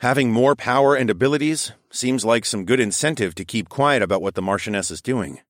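A man narrating a first-person story in a calm, steady reading voice. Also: mid-range voice, brisk, dry recording, clean studio sound. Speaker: audiobook narrator.

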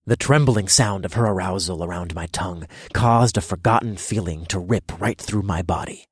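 A man narrating a first-person erotic story in low, measured storytelling. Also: slightly rough, dry recording.

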